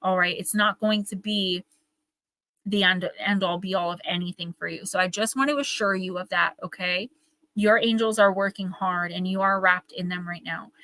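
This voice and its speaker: Young woman doing a live card reading, chatty and rambly, bright crisp voice, dry sound. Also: fairly low pitch, fairly even intonation, normal speed, no echo, poor audio. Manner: rambling, emotional, earnest. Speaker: oracle card reader. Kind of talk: live-stream card reading, casual chat. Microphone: live-stream microphone.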